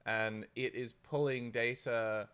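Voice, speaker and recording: A man, a guest in a casual live-stream interview, talking in halting bursts with restarts and casual swearing. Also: mid-range voice, steady tone, fairly bright tone, clear, resonant tone. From United Kingdom. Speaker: guest, former streaming platform engineer.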